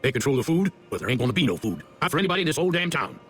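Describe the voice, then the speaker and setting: An actor playing a gruff, folksy business owner and worried father who speaks bluntly, in a game. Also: mid-range voice, sing-song, very fast, fairly bright tone, faint music behind. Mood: angry. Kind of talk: video game voice acting.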